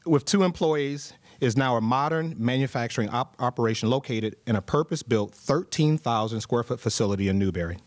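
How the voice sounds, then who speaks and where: A government official giving a formal award speech, upbeat, reading prepared remarks with small asides. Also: male voice, mid-range voice, fairly quick, hardly any pauses, no echo. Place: conference hall.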